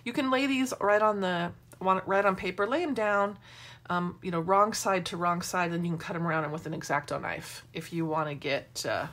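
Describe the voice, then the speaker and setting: A woman's voice: lowish voice, moderate pace, fairly bright tone, a little hiss or hum. A middle-aged woman hosting a casual craft tutorial, chatting and wandering into asides as she works. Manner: chatty, rambling asides while working. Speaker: craft demo host.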